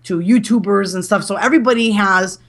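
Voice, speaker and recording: A woman's voice: mid-range voice, a little fast, fairly bright tone. Chatty woman, casual guest. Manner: chatty, many restarts and fillers. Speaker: interview guest. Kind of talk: casual interview chat.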